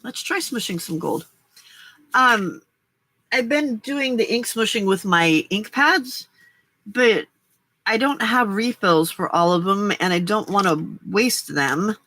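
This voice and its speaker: A woman's voice: medium pitch, animated, slow pace, bright, forceful tone, a little hiss or hum. A woman hosting a casual late-night crafting livestream, chatting with viewers and her cats between giggles.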